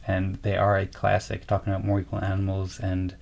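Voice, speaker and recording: A man's voice: low voice, monotone, brisk, gravelly, darkish tone. A young man co-hosting a livestream in a casual, rambling way, reading chat comments aloud and going on about grants. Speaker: co-host of a livestream.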